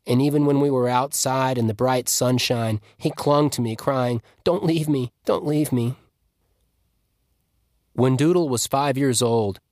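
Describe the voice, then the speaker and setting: A man reading a literary story aloud at a measured, reflective pace. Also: mid-range voice, no echo, clean studio sound. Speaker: story reader.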